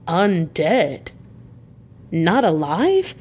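A woman's voice: lowish voice, wildly swooping pitch, very slow, a little mellow, slightly rough, exaggerated voice. A woman reading the part of a proud, passionate young nobleman who speaks in agitated, indignant outbursts. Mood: outraged. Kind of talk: audiobook character reading.

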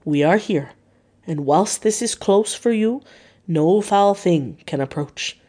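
Steady elderly professor in an audiobook, calm, slightly low, read by a woman. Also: normal speed, slightly rough. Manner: calm, reassuring.

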